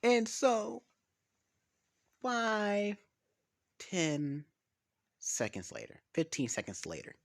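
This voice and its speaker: A man's voice: high voice, wildly swooping pitch, drawn-out words, pauses often. A man casually making up a story as he goes, rambling, swearing and losing track of names.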